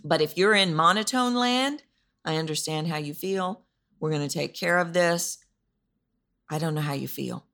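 Host, female, low register, emphatic voice-coach podcast delivery. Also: fairly bright tone. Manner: emphatic, repetitive, demonstrates vocal delivery. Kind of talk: solo podcast teaching.

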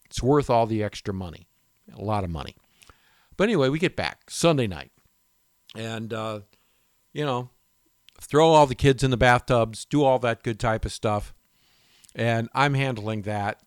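A man's voice: mid-range voice, normal speed, long pauses, clean tone, dry recording, clean studio sound. A man hosting a home and garden radio show, telling a rambling personal story in a casual way and often breaking off mid-sentence. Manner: animated, rambling, self-interrupting storyteller.

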